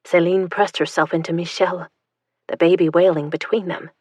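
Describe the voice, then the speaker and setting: A woman narrating an audiobook in a tense, hushed storytelling manner. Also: fairly low pitch, flat delivery, normal speed, no echo.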